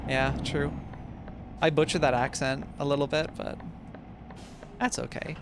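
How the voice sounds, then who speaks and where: A man's voice: fairly high pitch, steady tone, a little slow. A man in his twenties, a streamer chatting playfully and reading his chat aloud while he plays a game. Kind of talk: casual live-stream chat while gaming. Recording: truck engine noise from the game.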